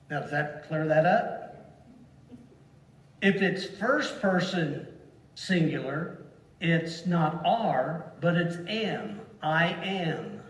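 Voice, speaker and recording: A man preaching a sermon to a congregation, slow and deliberate, leaning hard on single words to stress them. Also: on the high side. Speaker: pastor. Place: church sanctuary. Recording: echoey hall from far off.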